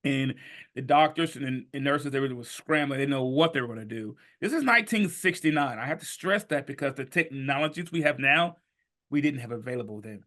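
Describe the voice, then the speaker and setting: A man in his fifties telling his life story on a podcast, animated and emphatic, sometimes rising to a shout. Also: mid-range voice, fairly quick. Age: 50s. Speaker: podcast guest. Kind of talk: storytelling in conversation.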